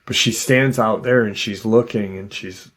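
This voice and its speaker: A man's voice: lowish voice, steady tone, moderate pace, fairly bright tone. A man casually retelling a frightening encounter as a channel host, unscripted, with plenty of "um" and "you know" along the way. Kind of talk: casual storytelling narration.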